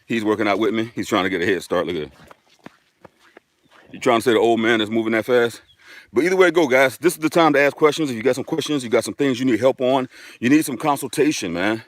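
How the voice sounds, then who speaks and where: A man's voice: medium pitch, fast, dry recording. A man hosting a casual live stream outdoors, chatting upbeat and directly to his viewers while walking a dirt road.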